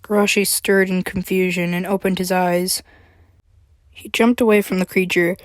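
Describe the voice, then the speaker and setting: A woman reads her own story aloud, with a chatty, filler-laced introduction before she settles into plain narration. Her voice sits a little low. The sound is dry and close. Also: level tone, normal speed, dry recording.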